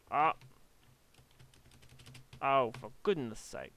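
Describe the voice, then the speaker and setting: A man's voice: on the high side, sing-song, takes it slowly, long pauses, pushed and bright. A young Australian man doing goofy game commentary and slipping into silly voices. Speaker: gaming YouTuber.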